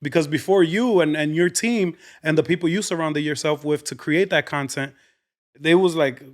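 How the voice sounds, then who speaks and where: Storytelling man, slightly high. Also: moderate pace. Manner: relaxed, mixes English and Spanish, tells anecdotes. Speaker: guest comedian. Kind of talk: casual storytelling chat.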